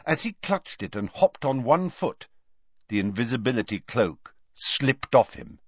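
A man narrating a novel aloud in an expressive storytelling manner. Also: medium pitch, a little slow, slightly rough, no room sound. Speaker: audiobook narrator. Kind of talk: scripted narration. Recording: dull dry audiobook recording.

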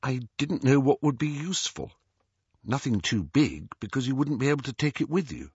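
Audiobook: male narrator doing a tough young woman, gentle and quiet, lifted pitch, dull dry recording. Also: expressive, moderate pace, slightly rough, no room sound. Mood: earnest. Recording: dull, slightly muffled audio.

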